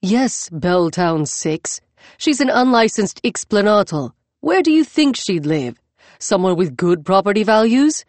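A woman's voice: on the low side, moderate pace, dry recording, close to an everyday voice. A woman reading a wry, defensive young man. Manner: plain, a little defensive.

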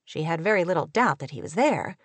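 A woman's voice: on the low side, animated, brisk, no room sound. Woman narrating in a dry close voice. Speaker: audiobook narrator. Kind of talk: scripted narration.

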